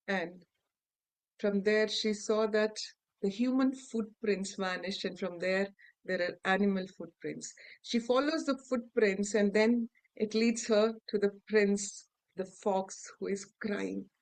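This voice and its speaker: A woman with an Indian English accent telling a fairy tale aloud to adults, acting out the characters' lines with lively shifts in pitch and loudness. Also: no room sound, rough recording. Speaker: storyteller. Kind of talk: oral fairy-tale storytelling.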